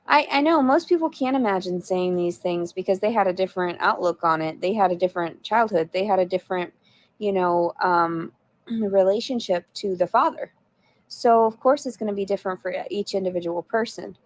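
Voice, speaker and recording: Brief: woman livestreamer, mid pitch, dry close sound, talks bluntly and swears freely. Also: a little fast, no echo. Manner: blunt, profane, rambling. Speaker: livestreamer reading chat. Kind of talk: casual livestream chat.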